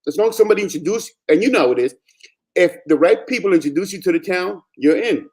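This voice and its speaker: A man from Panama talks quickly in a casual chat, his voice sitting a touch high. He tells travel stories with lively energy and acts out the voices of people he met. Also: slightly rough. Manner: fast, animated storytelling with quoted dialogue.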